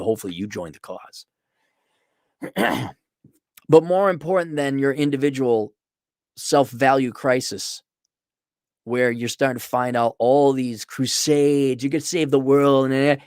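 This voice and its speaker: Middle-aged male host, sarcastic ranter, lively up-and-down delivery, dry close sound. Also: mid-range voice, no room sound. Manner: sarcastic, ranting, mocking voices. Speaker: podcast host. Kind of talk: opinionated monologue.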